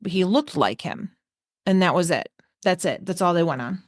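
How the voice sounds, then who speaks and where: A woman's voice: lowish voice, animated, normal speed, no room sound, clean studio sound. A woman with a New York accent, co-hosting a podcast in casual chat, laughing often. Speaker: podcast co-host.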